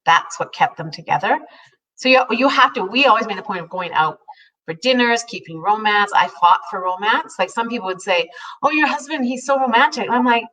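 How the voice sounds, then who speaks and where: A woman's voice: mid-range voice, fairly quick, far from the mic, low-quality recording. A woman in her fifties chatting casually as co-host, telling stories with lots of laughter and acted-out quotes. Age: 50s. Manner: animated storyteller, laughs often, acts out quotes. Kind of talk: casual chat.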